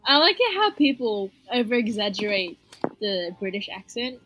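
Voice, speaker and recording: A woman's voice: mid-range voice, very animated, moderate pace, fairly bright tone, soft background music. A woman co-hosting a podcast, chatting casually with a giggly, teasing manner. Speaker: podcast co-host. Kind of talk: casual chat.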